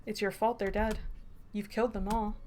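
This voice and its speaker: A woman's voice: mid-range voice, flat delivery, moderate pace, darkish tone, close to an everyday voice. A woman voicing a cruel inner voice that hisses accusations at a young man, read aloud from a story game. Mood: accusing. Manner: hissing, accusing. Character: cruel taunting inner voice, male.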